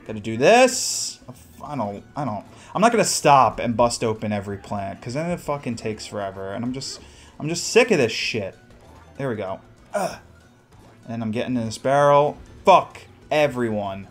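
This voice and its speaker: A young man hosting a casual solo let's play, cursing, mocking himself and yelling at the game as he plays. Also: on the low side, animated, normal speed, faint music behind. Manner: profane, self-mocking, shouts at the game. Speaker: gaming podcast host.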